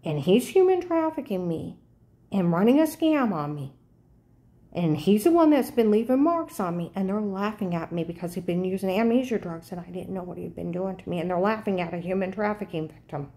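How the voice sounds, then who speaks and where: A woman vlogger delivers an urgent, insistent monologue to the camera, frequently checking in with "okay?" and spiking sharply in pitch when agitated. She is expressive and brisk, with a mellow tone.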